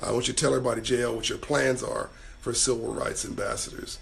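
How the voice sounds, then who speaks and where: A man hosting a live stream, hoarse and tired, giving motivational advice and reading out viewer comments in a casual way. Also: medium pitch, fairly even intonation, fast. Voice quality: raspy. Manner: motivational, urges viewers to act.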